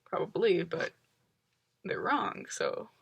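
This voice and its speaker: A woman vlogger talking casually to camera in a rambling, reflective way, often pausing with ums and likes. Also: medium pitch, steady tone, a bit bright, no room sound, highs cut off. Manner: reflective, analytical.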